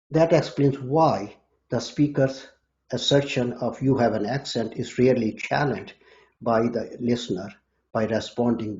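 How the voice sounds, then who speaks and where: A man discussing linguistics on a podcast in a measured, lecture-like way. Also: medium pitch, dark tone, lo-fi sound. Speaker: linguistics scholar.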